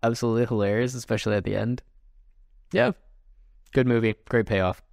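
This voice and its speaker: A man's voice: mid-range voice, fairly even intonation, fairly quick, creaky, darkish tone, no room sound, clean studio sound. A man co-hosting a podcast, chatting casually, upbeat and often laughing. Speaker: podcast co-host. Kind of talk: casual chat.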